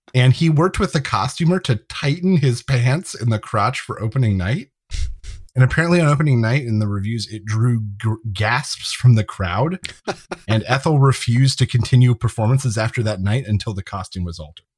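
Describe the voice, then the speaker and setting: A man's voice: mid-range voice, lively intonation, moderate pace, a little mellow, breathy edge, no room sound. A man co-hosting a casual chat, recapping an episode and sharing trivia, often laughing as he talks. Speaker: podcast co-host.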